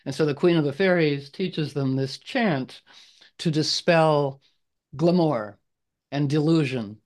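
A man leading a casual group video call, rambling with many restarts and frequent throat clearing. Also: a little high, takes it slowly, darkish tone. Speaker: group leader.

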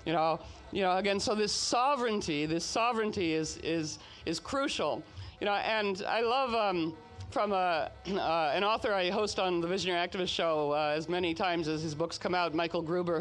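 A man telling old legends and astrology in a chatty, animated way, full of "you know" asides. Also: high-pitched, moderate pace, faint music behind. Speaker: storyteller and astrologer host. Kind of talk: casual spoken storytelling talk.

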